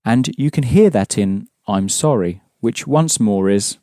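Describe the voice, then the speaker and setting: Low-ish guy teaching a language class, patient, lots of ups and downs in his voice, mellow tone. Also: animated, a little slow, dry recording, clean studio sound. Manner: patient, explaining and prompting with questions. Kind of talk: language lesson.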